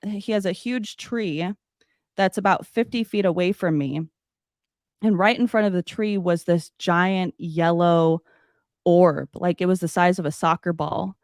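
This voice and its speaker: A woman telling a personal story as a podcast guest, animated and loose, with many "like" fillers. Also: on the low side, a little slow, dry recording, clean studio sound. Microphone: podcast studio mic.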